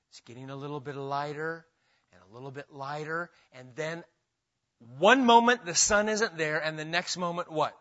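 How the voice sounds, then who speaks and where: A bright, high-pitched man preaches with emphasis and keeps asking his listeners questions. The sermon comes through a dull, lo-fi church recording. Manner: emphatic preacher who asks the congregation questions. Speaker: pastor. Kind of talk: expository sermon.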